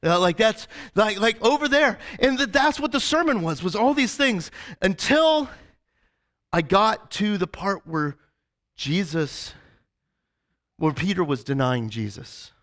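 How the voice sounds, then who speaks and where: A male pastor telling stories in a sermon, animated and rambling, with constant "right?" asides to a church congregation. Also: high-pitched, a little slow. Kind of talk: storytelling sermon. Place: church service before a congregation.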